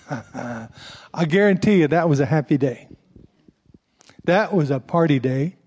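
A man's voice: fairly high pitch, lively intonation, slow pace, darkish tone, breathy edge. A male pastor preaching a sermon, reading scripture aloud and breaking off for folksy asides to his congregation. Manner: raises his voice for emphatic passages.

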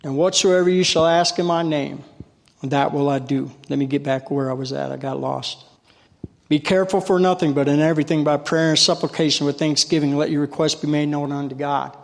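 A man preaching a sermon in a folksy storytelling way, calling on the congregation to answer and growing loud when fired up. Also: on the high side, steady tone, brisk, gravelly. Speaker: lay preacher. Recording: long hall reverb.

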